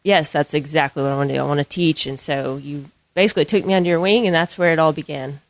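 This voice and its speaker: Soft-spoken woman golf instructor. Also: sits low, steady tone, fast. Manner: soft-spoken, many ums and you-knows. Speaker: golf instructor and fitness trainer. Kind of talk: casual interview answers.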